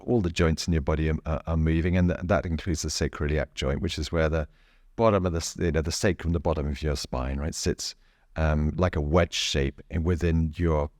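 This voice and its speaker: A man with a very low, deep voice talks through body mechanics in an easygoing, careful way. He chuckles often and stumbles over his restarts. The sound is dry and close. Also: dry recording. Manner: gentle, chuckling, halting with many restarts. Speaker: bodywork therapist. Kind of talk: casual explanatory chat.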